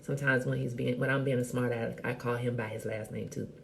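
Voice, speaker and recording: A woman hosting a casual live chat show, talking in a sassy, animated and blunt way and greeting viewers by name. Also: extremely low pitch, quick pace, gravelly, a little hiss or hum. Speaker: host.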